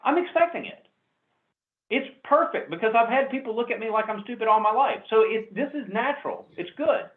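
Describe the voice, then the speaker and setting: A man running a sales training class, animated and coaching, acting out customer exchanges over a video call. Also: very high-pitched, a little fast. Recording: echoey, tinny call audio.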